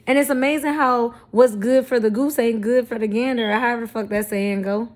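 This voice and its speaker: A woman's voice: fairly high pitch, fairly even intonation, brisk. Blunt, profane woman in her thirties. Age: 30s. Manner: self-affirming, spiritual talk. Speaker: vlogger. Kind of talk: candid talk to camera.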